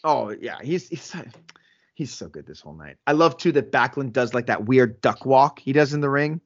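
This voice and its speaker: A man co-hosting a podcast in casual chat, animated, laughing often and acting out quotes. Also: medium pitch, normal speed, no echo, lo-fi sound. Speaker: podcast co-host.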